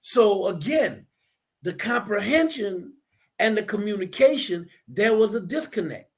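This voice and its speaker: A man in casual talk, animated, acting out the people he quotes as he tells stories. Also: high voice, measured pace. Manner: animated storyteller, acts out quotes.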